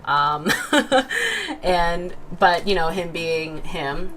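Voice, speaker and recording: A woman's voice: fairly low pitch, fairly even intonation, extremely slow, a bit bright, a little hiss or hum. A young woman hosting an art livestream, chatting casually and giggling, with lots of fillers while she draws. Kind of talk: casual chat while drawing.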